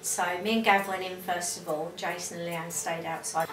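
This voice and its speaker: A woman interviewed for a documentary, telling a family story in a lively way and acting out what others said. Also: fairly low pitch, moderate pace. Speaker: interviewed relative. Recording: echoey room from a distance. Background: music.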